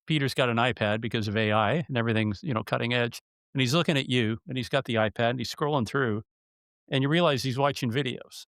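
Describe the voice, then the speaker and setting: A man hosting an interview talks in a relaxed, middle-pitched voice with a close, dry sound. He builds a playful hypothetical scene at an unhurried pace, setting up a question for his guest. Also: clear, resonant tone, no echo. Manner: spins a long playful hypothetical scenario, laid-back. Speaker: podcast host. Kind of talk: conversational interviewing.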